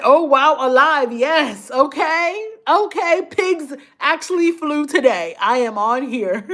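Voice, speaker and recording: A middle-aged woman hosting a chatty live Q&A, reading out viewer comments with lots of laughter and animated swings between high squeals and low asides. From daughter of immigrant parents, living in the Baltimore area. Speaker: lifestyle and fashion creator.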